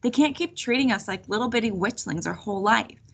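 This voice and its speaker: A woman's voice: a little high, animated, fairly quick, vocal fry, fairly bright tone, husky, exaggerated voice. A woman reading aloud voices a bold, worried young girl witch who talks earnestly and urgently. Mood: determined.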